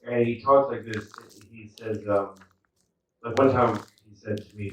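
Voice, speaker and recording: A man in his fifties doing a stand-up set, telling stories in a lively way with acted-out quotes. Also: mid-range voice, unhurried. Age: 50s. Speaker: stand-up comedian. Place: indoor comedy club. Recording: echoey club, distant mic, noisy.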